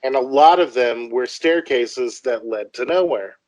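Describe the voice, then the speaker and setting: A jokey man chatting on a podcast, laughing often and wandering into asides. His voice sits at an ordinary pitch, recorded close and dry with almost no room sound. He talks loosely, in a relaxed, easygoing way. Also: measured pace, no echo, low-quality recording. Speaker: podcast co-host. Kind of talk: casual chat.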